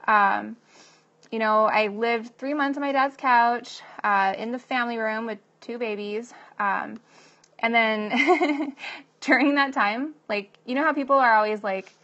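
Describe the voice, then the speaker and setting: A young woman in her late twenties chats casually, laughing often and leaning on fillers as she gives advice. Her voice sits a little high. The recording sounds muffled and dull. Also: moderate pace, a bit bright. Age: 20s. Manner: chatty, laughs often, many fillers like "like" and "you know". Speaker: vlogger giving advice to young moms.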